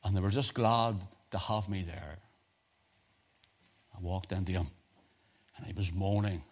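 Hushed-to-booming preacher man. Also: steady tone, normal speed, long pauses, husky. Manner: shifts from hushed storytelling to loud preaching. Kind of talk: street sermon with personal story.

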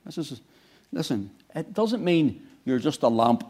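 Preacher man with a dark voice. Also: a little high, sing-song, measured pace. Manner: swings from quiet to loud emphatic bursts. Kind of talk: sermon.

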